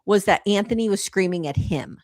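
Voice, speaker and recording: A woman hosting a podcast, chatting casually and retelling events in a lively storytelling way. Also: medium pitch, brisk, no room sound, clean studio sound. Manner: animated storytelling with acted quotes. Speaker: podcast host. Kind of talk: casual chat recapping a documentary.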